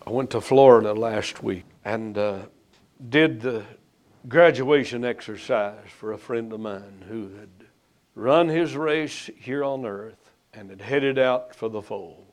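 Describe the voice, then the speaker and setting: A man preaching a sermon, swelling to loud emphatic peaks and then dropping low and slow.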